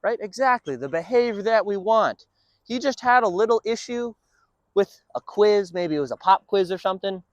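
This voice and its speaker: Guy training a dog, high voice that bounces all over, upbeat, explaining while he gives quick commands. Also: lively intonation, no room sound, muffled recording.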